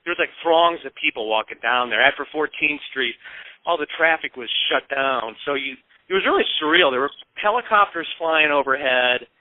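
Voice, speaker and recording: A man's voice: on the high side, lively intonation, moderate pace, no room sound. A man from Peoria, a radio guest telling a long story in a casual, rambling way, swearing freely and acting out what people said. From Peoria, Illinois. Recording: tinny, phone-like radio sound.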